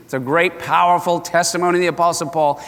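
A man's voice: on the high side, fairly even intonation, fast, a bit bright. A man preaching a sermon with passion, now and then acting out the voices of the people he quotes. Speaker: pastor. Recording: reverberant hall.

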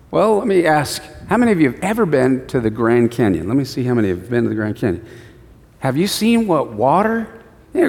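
A man's voice: medium pitch, creaky. Preacher man in a reverberant hall. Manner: asks the congregation questions, acts out short dialogues. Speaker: pastor. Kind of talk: sermon.

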